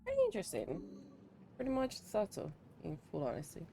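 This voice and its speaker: A woman's voice: on the low side, wildly swooping pitch, brisk, gravelly, noisy background. A young woman streaming a video game, giggling as she comments casually to her chat.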